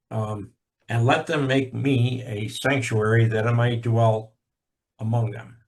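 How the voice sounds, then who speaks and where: A male student in a class, speaking haltingly and restarting his words as he reads aloud. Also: medium pitch, steady tone, a little mellow.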